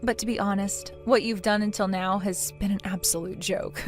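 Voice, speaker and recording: A woman voicing a defiant daughter-in-law in a text-message story, sarcastic and mocking, with soft music behind. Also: mid-range voice, steady tone, moderate pace, lightly acted. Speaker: narrator of the story.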